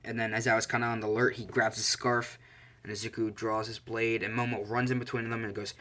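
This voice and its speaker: A man's voice: lowish voice, little pitch movement, fast, a bit bright. A man casually improvising a fan story, rambling and amused with himself. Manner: rambling, self-amused asides.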